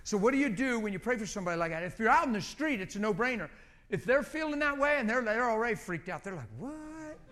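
High-voiced preaching man. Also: expressive, quick pace, fairly bright tone. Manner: exhorting, conversational, repeats short commands. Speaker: pastor. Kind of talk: sermon leading group prayer.

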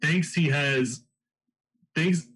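A man with a bright, husky voice rambles through jokes about a movie on a casual podcast. He fills his talk with "like" and breaks off into laughter. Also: a little high, drawn-out words, low-quality recording. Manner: rambling, joking, full of "like".

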